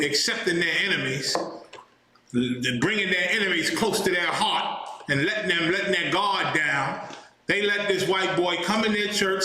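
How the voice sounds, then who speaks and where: High bright-voiced guy ranting, emphatic, keeps saying "man", super echoey room. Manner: emphatic and indignant, repeats "man". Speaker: host and teacher. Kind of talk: heated commentary. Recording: very echoey room with faint noise.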